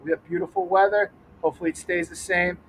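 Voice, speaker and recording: A man's voice: high-pitched, level tone, fast talker, creaky, slight background noise, poor audio. A young adult man coaching kids through a ball game outdoors at a school, upbeat and counting catches aloud. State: out of breath.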